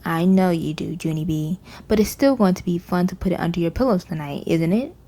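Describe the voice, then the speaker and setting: Storybook mother, patient and firm, low gravelly tone, voiced by a woman reader. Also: fairly quick, warm tone.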